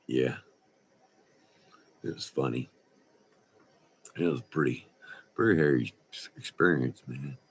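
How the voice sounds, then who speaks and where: Slow deep-voiced man, folksy. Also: a little hiss or hum. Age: 60s. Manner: folksy, profane, animated storyteller. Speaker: vlogger. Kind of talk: rambling storytelling. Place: indoors by a window.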